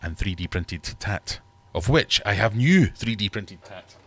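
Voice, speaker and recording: A man's voice: fairly low pitch, lively intonation, measured pace, fairly bright tone. A British man in his thirties hosting a casual livestream from his fish room, rambling and joking as he reads out viewers' comments. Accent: British English. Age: 30s. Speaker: livestream host.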